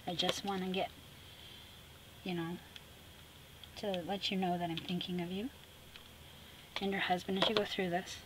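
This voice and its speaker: A woman vlogger who chats casually while she works on a sketchbook collage, talking to herself and often dropping to a soft murmur. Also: lowish voice, level tone, normal speed, pauses often, background noise. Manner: chatty, talks to herself while working, drops to a soft murmur. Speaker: craft vlogger. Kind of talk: casual talk while crafting.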